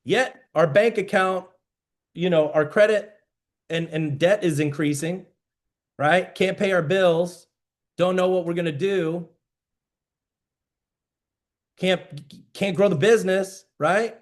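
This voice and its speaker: A man's voice: sits high, unhurried. A man giving a motivational business talk to a mastermind group, emphatic and repetitive, coaching his listeners. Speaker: business mentor.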